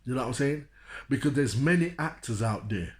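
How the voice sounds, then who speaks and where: A London street speaker with a local accent gives a preachy motivational talk, addressing listeners the way a preacher would and repeatedly saying "you know what I'm saying." His medium-pitched voice is expressive and brisk.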